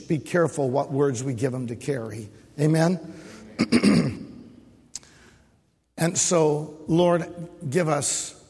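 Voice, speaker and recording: Husky preacher in a reverberant church. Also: male voice, mid-range voice, darkish tone. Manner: preaching with repetition and call-and-response. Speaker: pastor. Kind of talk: sermon. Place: church sanctuary. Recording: long hall reverb.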